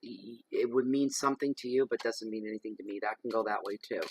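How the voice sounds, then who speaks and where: A man gives a tarot reading to camera at home in the evening. He talks in a chatty, rambling way and slips into soft, murmured invocations. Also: lowish voice, fast talker, slight background noise, poor audio. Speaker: tarot reader. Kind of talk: casual chat to camera during a tarot reading. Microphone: camera microphone.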